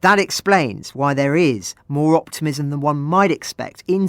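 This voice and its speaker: A man hosting a news podcast, reading measured commentary with pointed emphasis. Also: a little high, animated, a bit bright, no echo. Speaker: podcast host.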